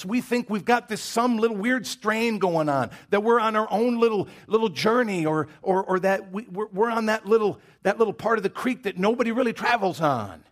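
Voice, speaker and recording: A man preaching a sermon in a conversational storytelling manner, addressing the congregation directly. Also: sits high.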